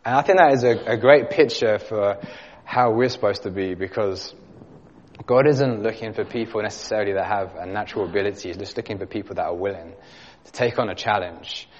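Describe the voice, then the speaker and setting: A man's voice: fairly low pitch, fairly quick. A man preaching to his church, telling an earnest story with light laughs before leading a prayer. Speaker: youth leader preaching. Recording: dull lo-fi sound with long hall reverb.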